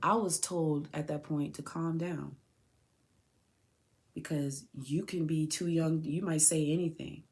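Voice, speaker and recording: A woman's voice: deep voice, steady tone, unhurried, darkish tone. A woman podcast host speaking directly to her son, raw, tearful and heartfelt. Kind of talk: emotional personal address to her son.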